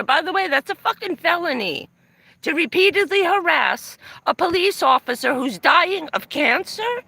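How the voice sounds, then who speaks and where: A high-voiced woman rants angrily on a phone live stream from her van, cursing constantly and aggravated. Her voice is bright and pressed, with a gravelly rasp at the edges. The sound is close and dry, with no room around it. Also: animated, normal speed, no room sound. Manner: heavy swearing, furious and aggrieved. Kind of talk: angry live-stream rant.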